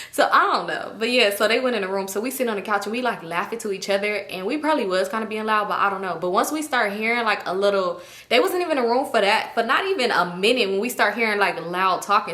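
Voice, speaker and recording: A woman vlogger telling a story in a casual, slangy, animated way. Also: on the high side, fast. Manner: animated, laughing often, slangy. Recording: echoey room.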